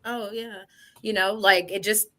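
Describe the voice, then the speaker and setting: A woman's voice: mid-range voice, flat delivery, unhurried, a bit bright. A woman on a podcast panel, explaining her side in earnest and repeating herself as she talks. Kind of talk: casual panel debate.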